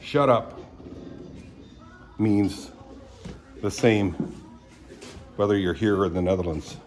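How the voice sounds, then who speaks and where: A man giving a casual, wandering devotional chat to camera, clearing his throat often and tossing in jokey asides. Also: fairly low pitch, slow pace, poor audio. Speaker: vlogger sharing faith reflections.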